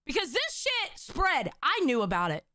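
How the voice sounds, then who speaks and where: A woman hosting a livestream, talking loudly and profanely as she reads out chat messages. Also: high voice, wildly swooping pitch, moderate pace, no room sound, clean studio sound. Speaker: livestream host.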